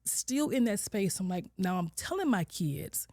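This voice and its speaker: A woman in her forties, a social worker, telling her personal story as a podcast guest, candid, acting out her own and her children's words and sometimes dropping to a soft near-whisper. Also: mid-range voice, unhurried, no echo, clean studio sound. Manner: candid, quotes herself and her kids with lively shifts, drops to soft near-whispers. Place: podcast studio.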